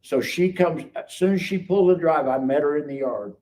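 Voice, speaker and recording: A man's voice: a little high, fairly quick. Older man telling his story. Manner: animated storyteller acting out dialogue. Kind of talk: casual testimony storytelling. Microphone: live stream call mic. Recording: distant mic with faint noise.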